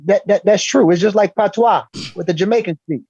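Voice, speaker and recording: A man's voice: high-pitched, a little fast, darkish tone, breathy edge, no room sound, highs cut off. A man from Chicago with a Chicago African American accent, talking animatedly in a casual discussion and repeating words at the start of sentences. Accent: Chicago African American English.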